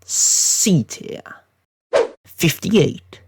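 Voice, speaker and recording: A British man putting on an American accent, giving deadpan, mock-serious tier-list commentary with rambling tangents. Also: drawn-out words, background noise. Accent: put-on American accent. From Britain. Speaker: YouTube commentator.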